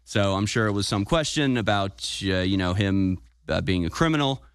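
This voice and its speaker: A man's voice: lowish voice, expressive, normal speed, clean tone, no room sound, clean studio sound. A man hosting political talk radio with combative, sarcastic commentary. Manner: combative, sarcastic, self-congratulating. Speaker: talk show host.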